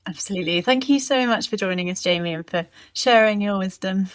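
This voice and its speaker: A woman's voice: mid-range voice, brisk. A woman hosting a podcast interview, talking in a chatty, conversational way full of fillers like "like" and "you know". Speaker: podcast host.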